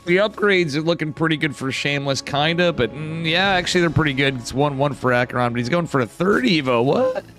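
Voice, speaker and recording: A man with an upstate New York accent giving casual live commentary on a strategy game, swearing now and then and bursting into excited outbursts. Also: a little high, a little fast, hardly any pauses, faint music behind. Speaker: esports caster.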